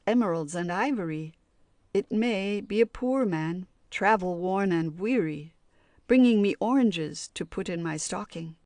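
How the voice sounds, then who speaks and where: Slow sing-song woman reading poems. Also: lowish voice, expressive, darkish tone, no echo. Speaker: audiobook reader. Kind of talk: reading children's poems aloud.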